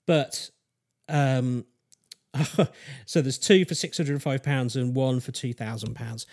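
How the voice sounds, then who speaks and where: Man, podcast host, casual storyteller, mid pitch, halting delivery full of ums and restarts. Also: fairly even intonation, a little mellow. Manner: rambling, halting, with fillers and restarts.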